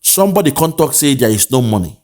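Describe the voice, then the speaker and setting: Animated Nigerian man giving commentary. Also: medium pitch, fast. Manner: repetitive rhetorical preaching, switches into pidgin. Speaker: online commentator. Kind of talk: political commentary monologue.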